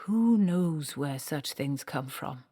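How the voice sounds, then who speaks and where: An excitable male dwarf playwright, put on by a woman reading aloud bursts out in urgent, breathless lines. The voice jumps high and wide in pitch. A long hall reverb trails behind every word. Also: slow pace, heavily acted. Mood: earnest.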